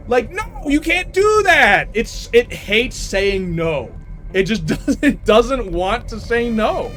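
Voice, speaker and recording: A male streamer giving casual gaming commentary, telling animated stories and laughing often. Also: very high-pitched, slow pace, soft background music.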